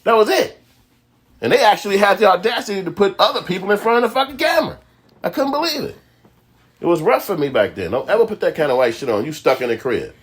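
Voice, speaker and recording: A man telling profane comedic stories as host of a commentary show, rambling and animated, swinging from loud to mumbling. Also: high-pitched, fast, breathy edge.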